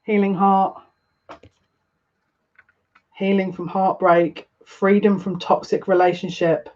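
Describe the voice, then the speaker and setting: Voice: mid-range voice, level tone, takes it slowly, a little mellow. A tarot reader gives a collective tarot reading, overwhelmed and emotional, often breathless and restarting sentences. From United Kingdom. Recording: slightly muffled lo-fi audio.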